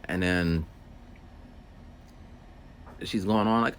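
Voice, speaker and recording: In a casual walking vlog monologue, a man who works as a teacher's aide tells a rambling story outside, doing voices as he goes. He speaks at normal speed in a low, fairly bright voice with big pitch swings, over slight background noise.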